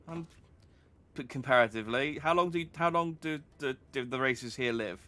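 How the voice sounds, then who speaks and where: Bright-voiced man chatting over a game. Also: mid-range voice, moderate pace. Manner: self-mocking, chatty asides. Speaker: streamer. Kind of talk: casual gameplay commentary.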